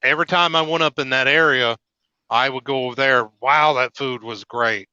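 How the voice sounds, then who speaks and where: Bright, smooth-voiced Southern trucker. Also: male voice, mid-range voice, no room sound, muffled recording. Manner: rambling, halting with fillers and restarts. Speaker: trucker chatting on a live stream. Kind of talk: casual chat.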